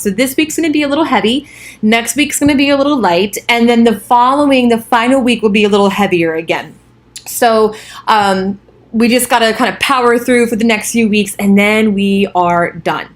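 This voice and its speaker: A woman teaching a college English course, giving a casual recorded overview of the week with chatty asides and fillers. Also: mid-range voice.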